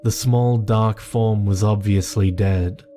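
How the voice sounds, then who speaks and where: Guy reading a creepy story real slow and even, low dark voice, soft music under it. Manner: measured, grave storytelling. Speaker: horror story narrator. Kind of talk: scripted horror narration. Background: faint music.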